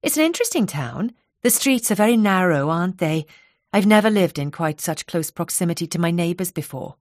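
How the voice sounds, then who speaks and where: A woman reading a story gives a newly arrived mother a polite, measured and curious voice. Her tone sits fairly low, and the sound is dry and close. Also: lively intonation, no room sound, close to an everyday voice.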